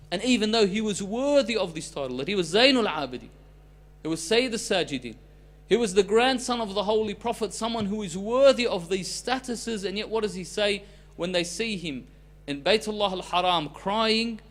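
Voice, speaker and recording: A man preaching a sermon as a story, with loudness that swings between emphatic lines and soft, hushed ones. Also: sits high, animated, normal speed.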